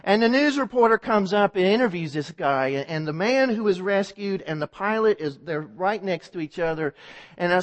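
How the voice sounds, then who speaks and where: High-voiced preacher in an echoing hall. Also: male voice, animated, normal speed. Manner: vivid, repetitive storytelling with restarts. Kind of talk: sermon storytelling.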